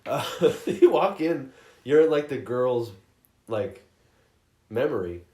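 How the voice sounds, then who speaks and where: A man hosting a casual podcast chat, telling a game's story in a profane, animated way, often slipping into mocking voices. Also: medium pitch, slow pace. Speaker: podcast host reviewing a game. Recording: roomy echoey room.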